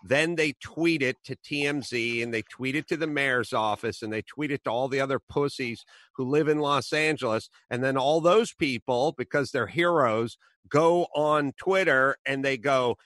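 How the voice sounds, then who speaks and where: A middle-aged man rants through a podcast, with bright, forceful delivery and sudden jumps into put-on voices for the people he quotes. His voice sits at an average pitch, close-miked and dry, with no room around it. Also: normal speed, dry recording. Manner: ranting, animated storytelling with put-on quotes. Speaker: podcast host. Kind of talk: casual chat.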